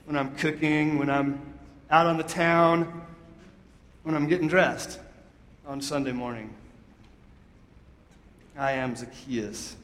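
His voice is a little high and a bit bright, his tone steady, and he speaks a little slowly with long pauses. He's a pastor preaching in a church sanctuary, emphatic and conversational, drawing call-and-response from the congregation, all captured with the long reverb of an echoey hall.

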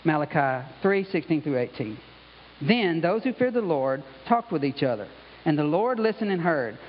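A man's voice: a little high, sing-song, moderate pace, a little hiss or hum. A man preaching a conversational sermon as pastor in a church, often asking "you know?" and "okay?". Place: church sanctuary. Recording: dull sound with long hall reverb.

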